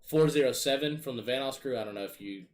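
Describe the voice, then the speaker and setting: A man casually telling gaming stories in a profane, animated, exasperated way. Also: mid-range voice, fast talker, slight background noise. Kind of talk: casual storytelling chat.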